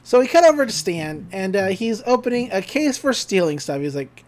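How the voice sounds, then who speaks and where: A man's voice: sits high, sing-song, brisk, few pauses, a little mellow. A man casually recapping a cartoon episode on a podcast, acting out the characters' lines and laughing often. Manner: acts out characters' lines with shifting voices; laughs often, with many fillers. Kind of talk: casual chat, retelling scenes.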